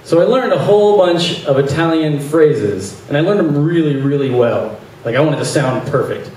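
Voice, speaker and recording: A man doing a stand-up comedy set, delivering dry one-liners and acting out voices in animated bursts. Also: a little high, moderate pace. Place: large venue with audience laughter. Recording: echoey live hall, distant mic, noisy.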